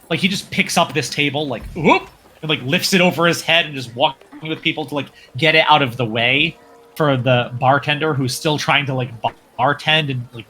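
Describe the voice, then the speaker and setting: A man's voice: mid-range voice, sharp tone, slight background noise. A man narrating as game master, describing scenes loosely with lots of fillers. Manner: rambling, filler-heavy description.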